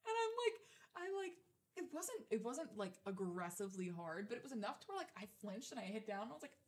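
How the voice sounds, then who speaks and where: A woman's voice: medium pitch, sing-song, fast talker, a little mellow. A young woman in her twenties, co-hosting a podcast, telling a story in casual chat, swearing freely and acting out the quotes. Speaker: podcast co-host.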